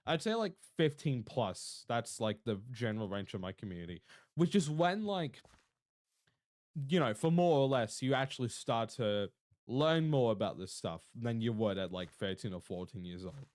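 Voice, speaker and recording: A young man with an Australian accent, chatting casually and rambling to his stream viewers, often swearing and talking fast. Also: medium pitch, lively intonation, darkish tone, no echo, clean studio sound. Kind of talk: casual livestream chat to viewers.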